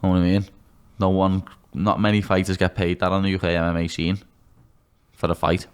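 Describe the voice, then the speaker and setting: Young scouse man, very low voice, blunt, swears a lot, says lad every sentence, podcast guest. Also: little pitch movement, a little fast, clear, resonant tone. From Liverpool, England. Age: 20s. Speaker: guest, MMA fighter. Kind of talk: candid podcast conversation.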